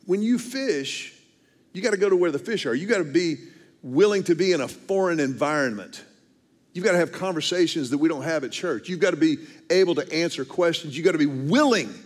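A pastor delivering a sermon, telling stories in an animated, humorous way. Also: male voice, fairly high pitch.

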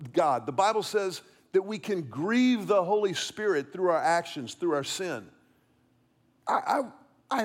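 A middle-aged man preaching a sermon to a congregation in an earnest way, often repeating words as he stresses a point. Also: sits high. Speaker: pastor. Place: church hall with an audience.

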